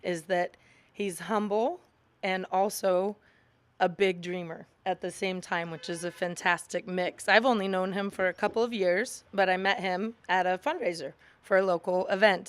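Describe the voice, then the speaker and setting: Female supporter, smooth clear voice, dry close sound, measured delivery. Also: mid-range voice, steady tone, no room sound. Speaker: physical therapist endorsing a candidate. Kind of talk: informal spoken endorsement.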